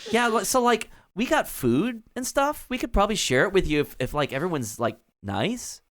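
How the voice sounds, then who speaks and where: A woman's voice: mid-range voice, big pitch swings, normal speed, pitched above the performer's own voice, natural voice. A woman voicing a nervous, chatty gnome girl in a tabletop game who says "like" all the time. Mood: anxious.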